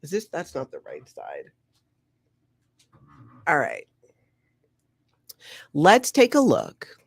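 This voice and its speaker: A woman hosting a casual livestream, chatty and animated, laughing often. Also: low-pitched, takes it slowly, vocal fry, breathy edge. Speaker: livestream host.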